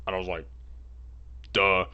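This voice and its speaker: A man telling a personal story in a casual, rambling, animated way, filling his talk with "like", at home. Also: sits low, moderate pace. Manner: rambling, animated, heavy use of "like".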